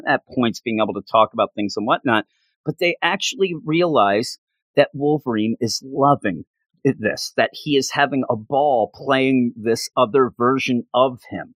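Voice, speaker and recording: A man in casual chat, excitedly recapping a comic book issue in a rambling way. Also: medium pitch, no echo. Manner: enthusiastic, rambling recap with frequent laughs.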